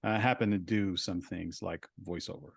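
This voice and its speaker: A man with a lowish voice talks about his work as a voice actor over a video call. He is reflective and leans on filler words as he thinks aloud. The sound is dry and close. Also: steady tone, moderate pace, vocal fry, husky, no room sound. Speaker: voice actor guest. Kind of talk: casual interview talk.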